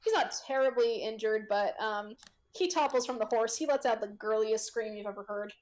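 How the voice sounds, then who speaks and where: A woman's voice: on the high side, normal speed, darkish tone, a little hiss or hum. A young woman running a tabletop game as game master, narrating with lots of giggles and fillers.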